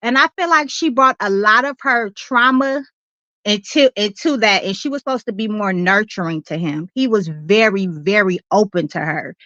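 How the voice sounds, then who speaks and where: A woman caller speaking in an animated, opinionated and slangy way about a celebrity breakup. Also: mid-range voice, moderate pace, no room sound, highs cut off. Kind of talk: call-in radio chat.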